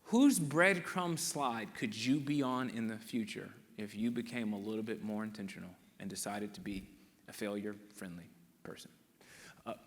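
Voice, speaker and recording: A man giving a live motivational talk, telling stories and acting out what people said in an animated way. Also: medium pitch. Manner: animated storyteller acting out quotes. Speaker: motivational speaker. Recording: echoey hall sound.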